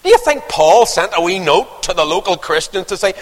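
A man preaching a sermon, telling stories with lively acted-out voices. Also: sits high, a little fast. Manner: animated storytelling, acting out voices. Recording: long hall reverb.

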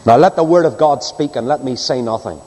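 A man preaching a sermon and reading scripture, swinging between soaring high cries and low hushed drops. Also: brisk, breathy edge. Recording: long hall reverb.

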